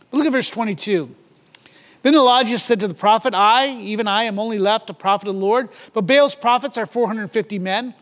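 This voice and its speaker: Man, pastor, sermon, dramatic scripture reading, very high pitch, long hall reverb. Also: quick pace, fairly bright tone.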